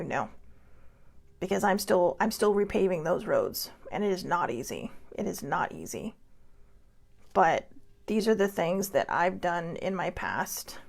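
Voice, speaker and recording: A woman's voice: medium pitch, vocal fry. A middle-aged woman hosting her own show, giving an earnest, rambling, self-deprecating motivational talk. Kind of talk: casual motivational monologue.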